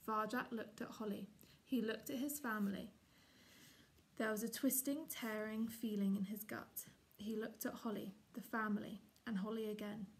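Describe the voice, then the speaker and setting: A woman, a teacher, reading a children's chapter book aloud in a steady, expressive way. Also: medium pitch, normal speed. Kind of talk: storybook read-aloud.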